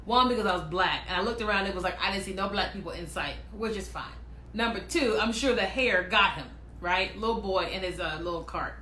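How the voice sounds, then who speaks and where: A woman chatting casually and telling personal stories, animated and quick to act out what other people said. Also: medium pitch, roomy sound, a little hiss or hum. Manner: animated, acts out quoted voices, laughs often. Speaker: speaker sharing personal stories. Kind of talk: casual storytelling monologue.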